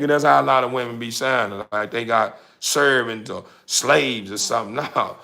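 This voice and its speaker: A man's voice: medium pitch, normal speed, creaky, hardly any pauses, sharp tone. A man, delivering a heated, preachy monologue to his audience. He curses freely and stumbles over repeated words. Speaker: vlogger. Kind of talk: casual monologue.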